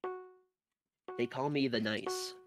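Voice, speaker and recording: A man's voice: mid-range voice, steady tone, slow, over loud music. A man hosting a casual gaming livestream, joking around and hyping up his chat. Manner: joking, hyped, playful trash talk. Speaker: livestream host.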